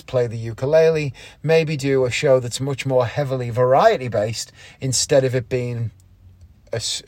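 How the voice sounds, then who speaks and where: A man's voice: mid-range voice, darkish tone, dry recording. A man hosting a podcast, talking in a rambling, chatty way with frequent ums and asides. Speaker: podcast host and variety magician. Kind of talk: casual podcast monologue.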